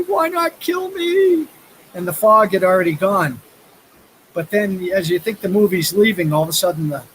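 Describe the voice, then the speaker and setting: A man's voice: fairly high pitch, a little hiss or hum, poor audio. A man in his fifties chatting casually on a live stream, rambling through stories with lots of fillers. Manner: rambling storytelling with frequent fillers. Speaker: vlogger. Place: outdoors by a river.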